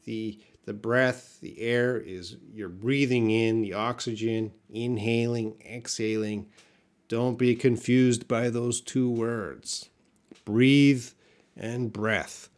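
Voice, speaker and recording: A man's voice: mid-range voice, level tone, takes it slowly. A man teaching English in a live lesson, explaining words patiently and reading viewers' comments.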